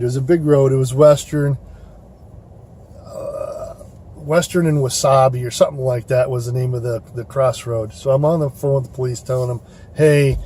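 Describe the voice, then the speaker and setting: A man's voice: mid-range voice, warm tone. A man telling a story in a casual, rambling way, with many fillers and restarts, recorded in his car. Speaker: rideshare driver vlogger.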